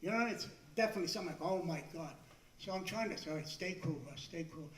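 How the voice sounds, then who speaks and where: Older new stand-up guy, shouts the punchlines, distant mic in a roomy club. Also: on the high side, quick pace, slight background noise. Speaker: stand-up comedian. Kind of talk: stand-up routine. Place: club stage before a live audience. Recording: echoey room, far from the mic.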